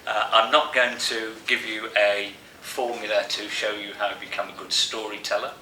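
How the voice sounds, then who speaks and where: A man's voice: on the low side, flat delivery, normal speed, bright, forceful tone. A man giving a live masterclass talk to a room of analysts, joking and asking the audience questions. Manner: jokey and conversational, asks the audience questions. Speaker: masterclass presenter. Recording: echoey room from far off, faint hiss.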